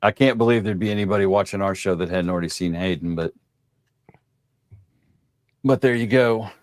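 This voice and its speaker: A man's voice: low voice, moderate pace, no echo, studio quality. A man from the American Midwest hosting a casual chat show in a joking, chatty way. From Chicago area, USA. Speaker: show host.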